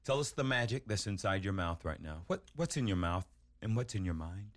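A man's voice: on the low side, sing-song, fairly quick. A man from the American South hosting a podcast in casual, joking chat. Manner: joking, playful interjections. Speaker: podcast host.

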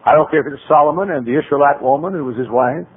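A man's voice: fairly high pitch, fast, slightly rough. A man preaching a sermon as pastor, telling folksy stories and building to emphatic appeals. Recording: tinny phone-like old radio broadcast.

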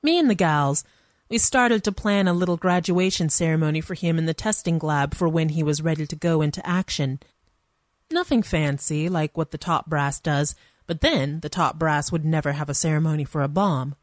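A woman's voice: sits low, moderate pace, dry recording, clean studio sound. A woman narrating a first-person story in a wry, conversational manner.

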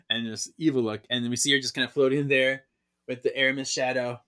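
Casting: giggly male podcast co-host, bright energetic tone, casual comic recap. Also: medium pitch, quick pace. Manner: giggly, laughs often while narrating.

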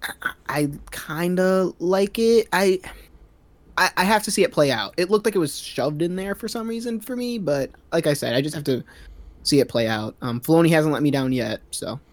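A young man co-hosts a podcast with blunt, swearing banter and mock-angry outbursts. His voice sits a little above the usual male pitch. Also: normal speed, no room sound. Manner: blunt, profane, joking bursts of mock anger. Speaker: podcast co-host. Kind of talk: casual podcast chat.

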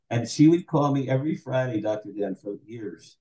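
60s guy telling stories on a podcast, mellow dark voice, plays out every quote, roomy echo. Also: mid-range voice, a little fast, few pauses. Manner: animated, acts out quoted dialogue. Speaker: podcast guest. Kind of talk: candid storytelling interview.

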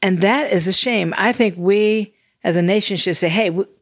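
A woman's voice: mid-range voice, moderate pace, no echo, studio quality. An older woman co-hosting a podcast, chatty and self-deprecating in casual conversation. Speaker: podcast co-host. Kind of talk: casual chat.

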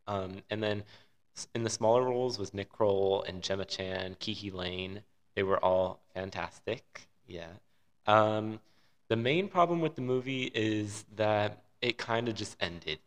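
A man co-hosting a podcast, chatting casually and enthusiastically about a movie he saw. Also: fairly low pitch. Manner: rambling, enthusiastic opinions. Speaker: podcast co-host. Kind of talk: casual film review chat.

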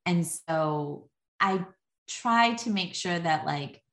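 Middle-aged woman chatting as a podcast guest, lots of "like"s, a bit low, echoey room. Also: animated, slow pace, fairly bright tone. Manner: chatty, many "like" fillers, laughs lightly. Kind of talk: casual conversation.

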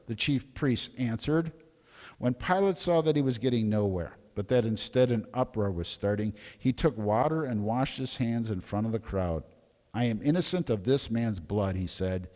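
A man as pastor reading a scripture passage, raising his voice for the crowd's shouts. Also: fairly low pitch, animated, normal speed, big-room sound. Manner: dramatic, raising voice for crowd lines.

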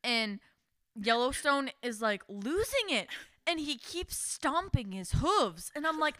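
A young woman co-hosting a podcast, telling a story in casual chat, animated and full of "like". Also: high voice, takes it slowly, dry recording. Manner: animated, heavy use of "like", acts out quotes. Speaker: podcast co-host.

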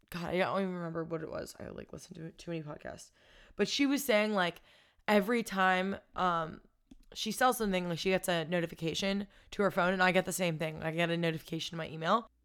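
A young woman hosting a podcast, giving a casual, animated motivational monologue full of swearing and pep talk. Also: medium pitch. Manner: animated, profane, hypes up listeners. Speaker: podcast host.

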